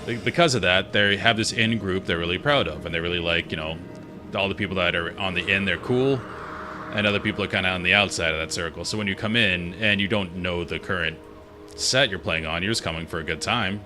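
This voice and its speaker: A man streaming a game while chatting casually in a relaxed, rambling, opinionated way. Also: deep voice, fast. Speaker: gaming streamer. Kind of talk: casual chat while playing. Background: game music.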